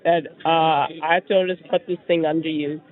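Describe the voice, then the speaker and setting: High-voiced man talking from off-mic. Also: little pitch movement, moderate pace, a faint crowd. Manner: short, practical off-mic replies. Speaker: companion of the host. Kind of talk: offhand remarks to the host. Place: outdoors beside the host. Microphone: distant from the host's clip-on mic. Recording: tinny phone-like audio, voice off-mic.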